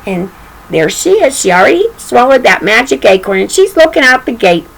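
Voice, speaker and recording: A woman's voice: on the high side, sing-song, moderate pace, vocal fry, breathy edge, poor audio. An older woman reading a picture book aloud to children, chatting affectionately and pointing out the pictures. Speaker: story reader.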